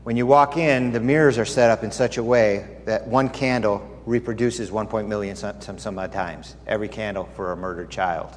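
Earnest storytelling pastor in a reverberant hall. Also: male voice, lowish voice, fairly even intonation, normal speed, hardly any pauses, slight background noise. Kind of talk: sermon with personal storytelling. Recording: long hall reverb, faint ambience.

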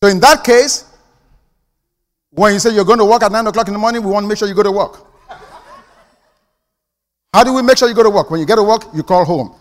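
A man's voice: sits high, quick pace, pauses often, big-room sound. A man preaching a sermon as pastor, emphatic and calling for amens from the congregation. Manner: emphatic preaching with call-and-response.

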